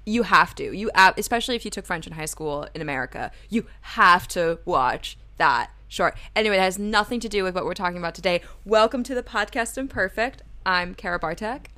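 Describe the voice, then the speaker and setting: A woman's voice: fairly low pitch, lively intonation, a little fast, few pauses, pushed and bright. A woman co-hosting a podcast, chatting casually with asides and plenty of fillers. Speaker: podcast co-host. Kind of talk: casual podcast intro and interview.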